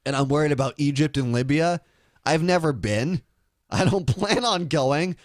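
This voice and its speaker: A man's voice: fairly high pitch, lively intonation, normal speed, no echo, clean studio sound. A man co-hosting a call-in talk show, riffing crudely and slipping into mocking impressions. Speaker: radio show co-host. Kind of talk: irreverent comedic talk show banter.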